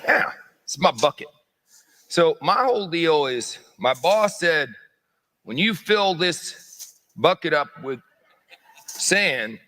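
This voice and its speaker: A man doing a folksy old gold prospector who drawls out his pitch slowly and patiently. The voice sits a bit high and sounds bright and forward. He talks like a homespun sales coach. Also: very animated, big-room sound, exaggerated voice. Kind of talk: comic sales-pitch skit.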